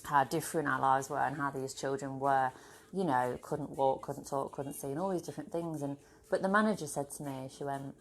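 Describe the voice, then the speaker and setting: Her voice is extremely low, fairly even in intonation, and a little fast, with a faint hiss or hum. She's a spiritual vlogger filming casually on a tripod at home with her dog, rambling, swearing freely, and bursting into laughter and playful voices.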